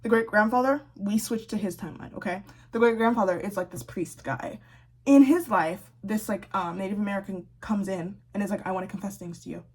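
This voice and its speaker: A young woman in a casual, sassy book-review rant, chatty and laughing often, with a slightly husky voice. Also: medium pitch, brisk. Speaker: book vlogger.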